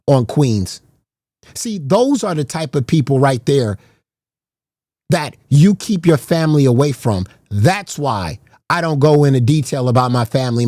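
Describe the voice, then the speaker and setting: A man's voice: mid-range voice, darkish tone, no echo, clean studio sound. A man streaming a heated, profane rant, confrontational and repeating himself as he calls out rivals. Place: garage.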